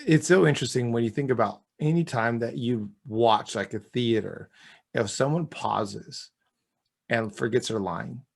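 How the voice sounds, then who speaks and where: Male speaking coach as guest, gravelly husky voice, punchy and emphatic. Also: medium pitch. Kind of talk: interview chat.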